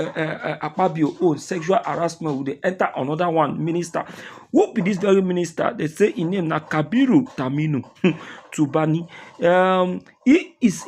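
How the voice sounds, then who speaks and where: Nigerian vlog host, rambling commentary, husky voice with Pidgin mixed in. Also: medium pitch, darkish tone. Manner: rambling, repeats words, mixes in Pidgin. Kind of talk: casual news commentary.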